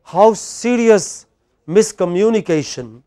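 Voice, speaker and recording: Brief: middle-aged Indian English lecturer, higher male voice, dry close sound, drills and quizzes the class. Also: slow pace, mellow, no echo. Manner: quizzing students, repeating words for drill. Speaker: English pronunciation teacher.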